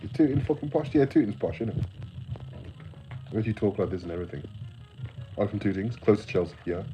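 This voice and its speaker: A man chats with his viewers, loose and full of swearing and slang. Music plays clearly behind him throughout. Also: fairly low pitch, expressive, quick pace, poor audio. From England. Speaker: livestream host. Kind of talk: casual livestream chat with viewers.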